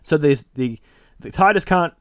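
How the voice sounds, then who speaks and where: A man co-hosting a casual podcast, retelling a show with lively energy and slipping into quoted voices with plenty of laughter. His voice sits a bit on the higher side, recorded dry and close with no room sound. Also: moderate pace, dry recording. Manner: animated retelling of a show, acting out quoted lines, laughing often. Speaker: podcast co-host. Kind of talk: casual chat.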